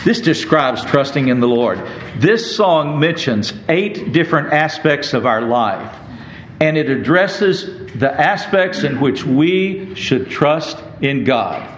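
A man preaching a sermon, reading verses slowly and with emphasis. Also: a little high, animated, reverberant, a little hiss or hum, rough recording. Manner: slow, emphatic preaching with drawn-out quoted verses.

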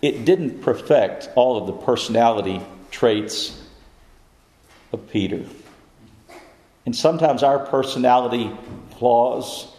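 A male preacher delivers a sermon at an unhurried, deliberate pace. His voice sits at an ordinary pitch and rises sharply when he drives a point home. The sound carries the long ring of a reverberant hall. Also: mellow. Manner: rising to high, fervent pitch at climaxes. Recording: echoey hall.

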